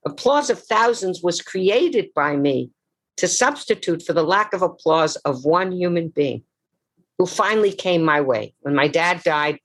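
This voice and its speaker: An older woman, an actress, telling her life story theatrically on a video call, slowing and dropping low for emphasis. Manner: dramatic, slows for emphasis, drops low on key words. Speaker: actress and memoir author, guest.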